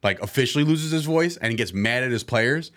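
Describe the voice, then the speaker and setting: A young man co-hosting a casual sports chat, excitable, laughing often and acting out quotes. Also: medium pitch, fairly quick. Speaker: podcast co-host.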